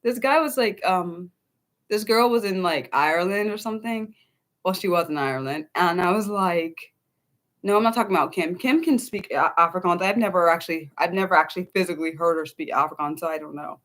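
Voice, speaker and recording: A woman's voice: fairly low pitch, fairly quick, fairly bright tone. Chatty, rambling woman livestreamer. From United States. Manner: rambling, chatty, many ums and restarts. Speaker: livestream host. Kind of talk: casual unscripted livestream chat.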